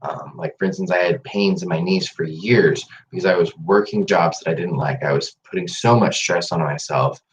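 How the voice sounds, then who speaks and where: A man's voice: low voice, normal speed, hardly any pauses. A man hosting a casual live-streamed guided meditation, upbeat and chatty, laughing often. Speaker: meditation host. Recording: dull lo-fi live-stream audio with faint noise.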